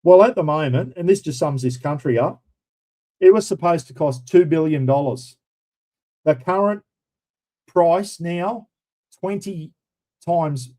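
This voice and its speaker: A man's voice: on the high side, warm tone, poor audio. An Australian man hosting a casual livestream, ranting bluntly and indignantly, swearing freely and calling his viewers "everyone". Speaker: livestream host.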